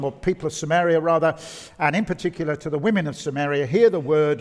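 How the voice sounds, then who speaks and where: Pastor giving an evening sermon, lively up-and-down voice, long echo off the hall. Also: male voice, fairly high pitch. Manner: emphatic, repeats key phrases for effect. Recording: long reverb of a large hall.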